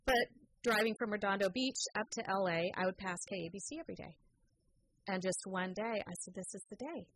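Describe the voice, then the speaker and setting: A woman's voice: mid-range voice, brisk, low-quality recording. A middle-aged woman, an interview guest, telling a personal story in a chatty way with many fillers. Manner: lively, acts out quoted voices; frequent fillers. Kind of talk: conversational storytelling.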